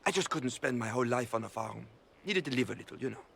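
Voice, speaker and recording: A man's voice: mid-range voice, lively intonation, quick pace, creaky, background noise. A man voicing a young mercenary recruit from a farm in a video game, talking plainly. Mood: casual.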